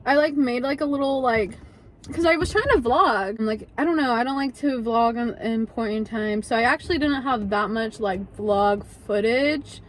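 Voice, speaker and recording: High-voiced young woman telling a storytime. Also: normal speed, slight background noise. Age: young adult. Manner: chatty, profane, animated, heavy use of like. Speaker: vlogger. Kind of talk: casual storytime vlog.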